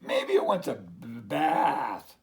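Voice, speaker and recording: A man voicing a bouncy flock of sheep in a storybook read-aloud, bleating in a high voice. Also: big pitch swings, slow pace, creaky, full character voice.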